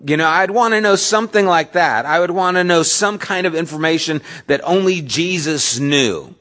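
A pastor preaching a sermon in a conversational way, asking his listeners questions and swinging between loud emphasis and soft, low asides. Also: animated, normal speed. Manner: conversational, asks the audience questions.

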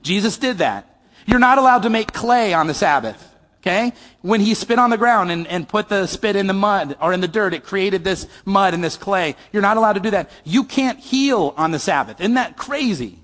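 A man's voice: high-pitched, expressive, normal speed, fairly bright tone, in a large hall. A man preaching a sermon, conversational and questioning, asking the audience to call out answers. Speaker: pastor.

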